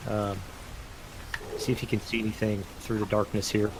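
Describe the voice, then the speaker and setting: A man's voice: lowish voice, level tone, normal speed, vocal fry, background noise. A man talking as a player in a tabletop game, hesitant and stammering. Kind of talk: tabletop role-play talk.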